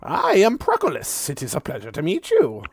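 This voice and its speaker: A man's voice: huge pitch swings, normal speed, vocal fry, breathy edge, no room sound, full character voice. A man voicing a jolly old male skeleton archdruid who chuckles at his own jokes. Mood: chatty. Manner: booming chuckling theatrical old voice.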